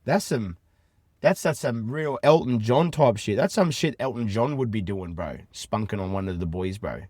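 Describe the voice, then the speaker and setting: A man's voice: lowish voice, animated, moderate pace, no echo, studio quality. Brash, crude Australian man podcasting. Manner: brash, loud, crude, calls listeners boys. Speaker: podcast host. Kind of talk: crude casual podcast banter. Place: inside a van.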